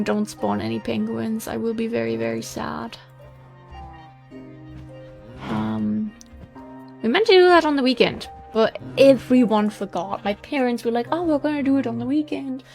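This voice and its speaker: A young woman with a slightly high voice and a gravelly edge hosts a relaxed game let's play. She chats in a loose, rambling way, telling everyday stories over faint background music. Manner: chatty, rambling storytelling. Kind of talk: casual gaming commentary.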